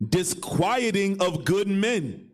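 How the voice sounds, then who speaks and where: A man in a religious class reading a list aloud in a slow, measured way. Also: high-pitched, expressive.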